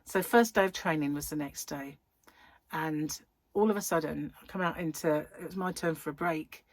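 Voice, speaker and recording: Giggling and interrupting herself, a woman who runs a crochet channel chats casually through a rambling anecdote. Her deep voice moves at normal speed, with no room sound in the recording.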